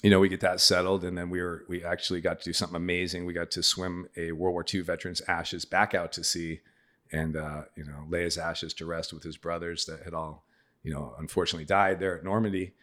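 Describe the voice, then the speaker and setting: A middle-aged man with a very low, deep voice, telling a story in a loose, chatty way. He acts out the lines other people said as he goes. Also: flat delivery, brisk, a bit bright. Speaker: podcast guest. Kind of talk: casual storytelling.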